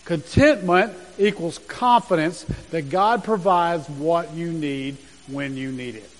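A man preaching a sermon as pastor, talking earnestly and reading scripture aloud slowly with emphasis. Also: on the high side, long reverb tail, rough recording.

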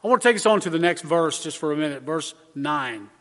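Earnest high-voiced male preacher in a reverberant hall. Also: lively intonation, fairly bright tone. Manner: earnest, measured preaching with repeated emphasis. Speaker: pastor. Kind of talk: sermon.

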